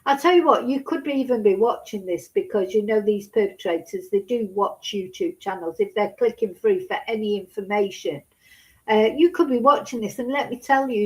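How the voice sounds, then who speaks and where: A woman's voice: medium pitch, normal speed, darkish tone, rough recording. A woman gives casual true crime commentary, indignant and sarcastic, scolding as she talks.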